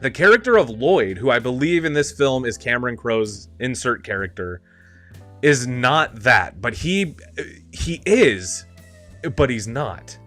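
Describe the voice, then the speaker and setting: Bright-voiced rambling male host. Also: mid-range voice, expressive, measured pace, soft background music. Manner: rambling, laughs a lot. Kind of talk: casual movie talk.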